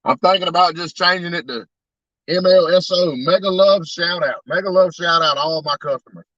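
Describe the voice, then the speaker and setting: A man's voice: high-pitched, moderate pace, a bit bright, no echo, dull audio. A man, casually chatting to his live-stream audience, laughing often and talking straight to the chat. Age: 30s. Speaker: truck tire shop owner and YouTuber.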